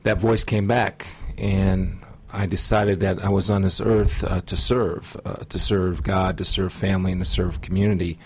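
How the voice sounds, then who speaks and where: A middle-aged man earnestly recounting a personal testimony in an interview, measured and pausing often. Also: sits low, level tone, husky. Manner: earnest, measured storytelling with frequent pauses. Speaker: guest sharing testimony.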